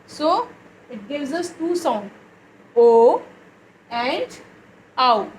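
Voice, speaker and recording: A woman teacher leading a phonics lesson for young children, reading words aloud slowly in a sing-song way. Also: sits high, big pitch swings, a bit bright, slight background noise, low-quality recording. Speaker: English teacher.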